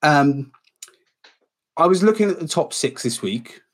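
A man's voice: a little high, expressive, measured pace. Give me a man hosting a laid-back football podcast and quizzing his mates. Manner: runs the segments, reads out lists, quizzes the others. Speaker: podcast host. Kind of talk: casual podcast chat.

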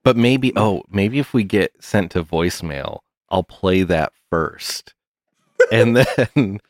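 A man's voice: on the low side, lively intonation, slow, no echo, clean studio sound. A man co-hosting a podcast, chatting casually in a laid-back way. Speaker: podcast co-host. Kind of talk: casual chat.

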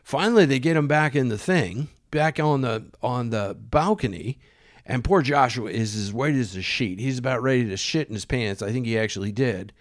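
A man telling a wild anecdote in a casual, animated way, with lots of swearing and vivid detail. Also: mid-range voice, normal speed, no room sound, clean studio sound. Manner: profane, animated, vivid storytelling. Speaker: storyteller.

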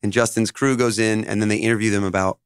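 A man speaking as a musician guest in an interview, telling stories in a loose, rambling, animated way. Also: fairly low pitch, fast, clean tone, no room sound, clean studio sound. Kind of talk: casual interview storytelling.

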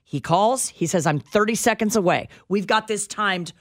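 A woman co-hosting a radio talk show, telling an anecdote in a dramatic, animated storytelling manner on a studio mic. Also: mid-range voice, normal speed, no echo. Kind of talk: casual chat storytelling.

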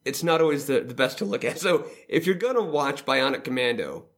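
A man's voice: mid-range voice, expressive, fairly quick. A man hosting a casual roundtable chat about video games, leading the group and laughing easily. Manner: leads the discussion, laughs easily. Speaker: podcast host.

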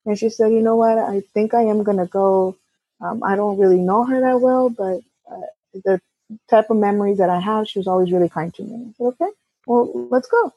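A woman co-owner of a repair shop telling a personal story as a podcast guest, candid and halting, often quoting others. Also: mid-range voice, slightly rough, no echo, dull audio. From California. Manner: candid, halting with restarts, quotes others in dialogue. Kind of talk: conversational storytelling.

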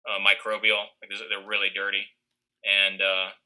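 A man's voice: lowish voice, completely flat delivery, normal speed, bright, forceful tone, low-quality recording. A young man casually telling a rambling story, full of fillers and restarts, acting out what others said. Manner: rambling, many fillers and restarts, acts out quoted lines.

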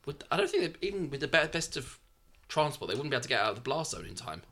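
A man talking casually about a movie, his voice rising and falling a lot and sounding bright and forceful. He reasons out loud and fires off rhetorical questions. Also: mid-range voice, big pitch swings, quick pace, a little hiss or hum. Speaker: podcast co-host. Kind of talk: casual film discussion.

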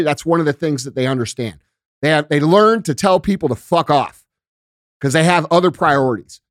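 A man's voice: high-pitched, dry recording, clean studio sound. A man hosting a podcast, talking bluntly and emphatically with lots of swearing, mixing rants with everyday analogies. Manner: conversational, uses everyday analogies. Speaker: podcast host. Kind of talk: casual podcast rant. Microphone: studio podcast microphone.

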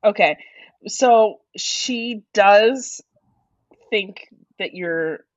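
A woman's voice: medium pitch, very slow, no room sound, muffled recording. A woman co-hosting a podcast, speaking in casual chat, hesitant and apologetic. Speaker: podcast co-host.

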